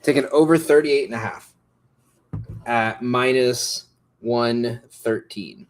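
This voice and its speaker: A man's voice: medium pitch, takes it slowly. A man co-hosting a sports betting podcast, casual and joking. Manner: joking, riffing. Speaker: podcast co-host.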